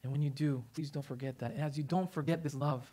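A male pastor telling a story in a sermon, animated and rising in emphasis. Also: a little high, fast talker. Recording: church service livestream.

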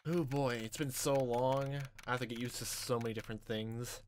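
Playing a story game over background music, this man gives loose, joke-filled commentary heavy on fillers. He's a let's-play host whose mid-range voice stays steady at a moderate pace, with slight background noise in the recording.

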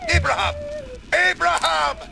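Gravelly snarling father. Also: very high voice, sing-song, a little slow, full character voice. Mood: angry. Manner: snarling, bellowing. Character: harsh cruel middle-aged father. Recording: game audio with noise behind.

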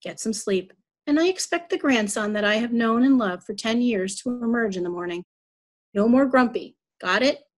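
A gentle but stern grandmother from a read-aloud children's story, as a woman reader puts her on. She scolds softly and firmly in a fairly high, soft voice, calm and unhurried.

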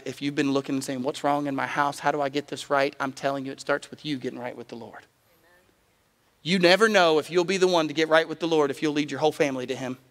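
A man's voice: on the high side, fairly bright tone, big-room sound. A man preaching a sermon as a pastor, telling a personal story and building to emphatic appeals. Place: church sanctuary.

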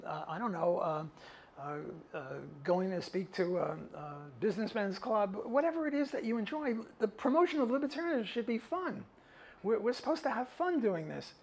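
Animated older male economist speaker. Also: sits high. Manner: emphatic, animated, chuckling asides. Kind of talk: answering audience questions at a talk. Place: event venue before a live audience.

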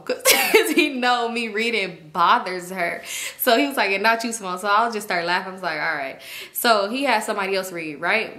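Young woman telling a work drama story, bright edgy voice, loud when she quotes people. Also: medium pitch. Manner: animated, acts out quotes in raised voice. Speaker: storytime vlogger. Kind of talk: casual storytelling.

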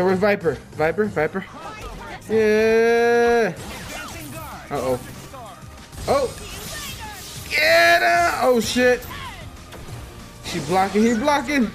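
A man giving casual, excitable commentary while playing a fighting game, gasping and laughing as he reacts. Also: high voice. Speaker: let's player.

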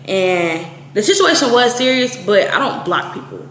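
A woman in her twenties, from Texas, telling a story in a blunt, profane, animated way, quoting people as she goes. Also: fairly high pitch, normal speed. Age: 20s. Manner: blunt, profane, animated retelling with quoted voices. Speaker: vlogger. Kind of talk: casual storytime. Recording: echoey room, faint noise.

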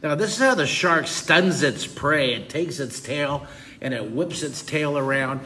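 A man's voice: fairly high pitch, unhurried, background noise. A man teaching a live drawing lesson for kids, enthusiastic and playful, asking his audience to call words back.

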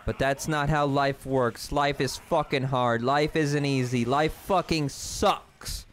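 A man's voice: medium pitch, level tone, unhurried, a little hiss or hum. A young man in a rambling, self-deprecating confessional vlog, swearing often while he plays a game at his desk. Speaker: gaming vlogger.

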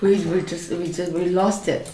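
A woman's voice: on the low side, normal speed. A woman from Northeast India who is a food vlogger, telling funny stories with a laugh while eating at home. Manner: laughing, animated storytelling. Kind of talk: casual storytelling over a meal. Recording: echoey room, faint clatter of dishes.

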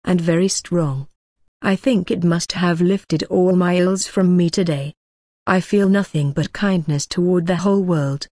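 A woman reading as a tender young gentleman in love. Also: fairly low pitch, steady tone, a little slow, no room sound, clean studio sound.

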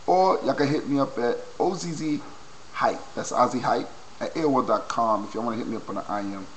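A young man vlogging into a low-quality webcam, excitedly reacting and repeating exclamations. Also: a little fast, a little hiss or hum. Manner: hyped, repetitive exclamations. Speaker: video blogger.

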